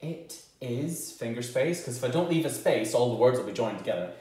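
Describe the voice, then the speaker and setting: A man teaching a children's phonics lesson, sounding out words slowly and cheering the children on. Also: medium pitch, lively intonation, darkish tone. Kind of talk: home-learning phonics lesson. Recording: very echoey room.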